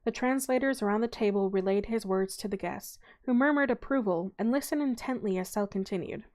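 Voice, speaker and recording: A woman's voice: medium pitch, a little fast, darkish tone. Young woman reading a novel aloud, casual, stumbles and corrects herself often. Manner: informal reading with frequent stumbles and self-corrections.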